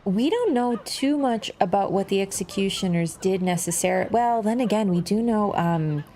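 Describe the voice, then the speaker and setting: A woman streams a game and talks casually to her chat the whole time. Her pitch swings around with a lively, animated lilt. She is chatty and laughs easily, with swearing scattered through her talk. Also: moderate pace, slight background noise. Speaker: livestreamer. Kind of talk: casual gaming livestream commentary.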